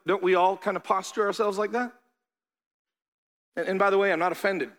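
A man preaching a sermon as a pastor, animated, acting out the voices of his listeners. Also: high voice, brisk, pauses often. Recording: long hall reverb.

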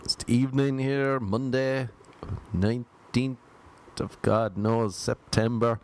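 A man's voice: mid-range voice, steady tone, slow pace, darkish tone, a little hiss or hum. A man hosting a casual solo podcast, rambling and joking asides to himself. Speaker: podcast host. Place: home in Los Angeles.

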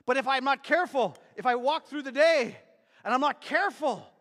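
A male preacher with a very high-pitched voice drives each point home with emphatic repetition. His energetic sermon rings through a church hall. A long reverb trails behind his words. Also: a little fast. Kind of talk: sermon with object lesson.

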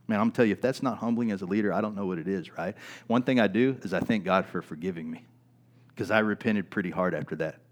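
A middle-aged male pastor telling a story in a sermon, often checking in with "right?" and swinging from loud to quiet. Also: low voice, fast talker. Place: church.

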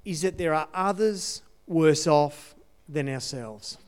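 Man, sermon testimony, earnest and conversational, somewhat high voice, smooth clear tone. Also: takes it slowly. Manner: earnest, conversational, repeats key phrases. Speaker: church speaker sharing testimony.

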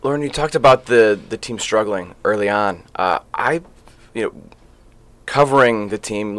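A man in his late thirties hosting a casual sports interview in a podcast studio. He rambles a little and fills his sentences with filler sounds. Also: lowish voice. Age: late 30s. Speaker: podcast host.

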